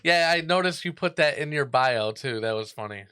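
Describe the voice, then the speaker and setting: Clear bright-voiced hesitant host man. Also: medium pitch, expressive, normal speed. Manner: hesitant, lots of ums and uhs. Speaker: radio show host. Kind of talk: casual interview.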